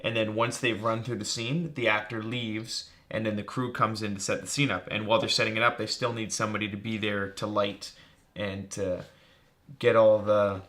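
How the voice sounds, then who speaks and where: Bright-voiced man hosting a casual podcast. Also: fairly low pitch, little pitch movement, moderate pace. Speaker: podcast host and editor. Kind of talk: casual chat.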